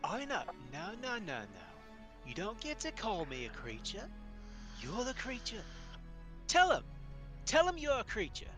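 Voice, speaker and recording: A man's voice: sits high, wildly swooping pitch, unhurried, pauses often, music in the background, pitched above the performer's own voice, full character voice. A man voicing a cocky, scrappy redheaded boy who leads a gang and taunts strangers. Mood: mocking. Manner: brash, taunting, swearing.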